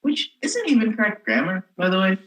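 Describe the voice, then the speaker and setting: A young woman playing a snarky rebellious teen girl in a comic stage monologue, sarcastic and exasperated, with a lively voice. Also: medium pitch, brisk, natural voice, poor audio. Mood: sardonic. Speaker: student actor.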